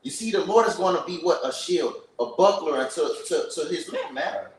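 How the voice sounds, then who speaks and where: A man's voice: a little high, expressive, moderate pace. A man leading a scripture study, preaching with emphatic rhetorical questions and call-and-response. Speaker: lead teacher of a scripture study. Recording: echoey room, distant from mic.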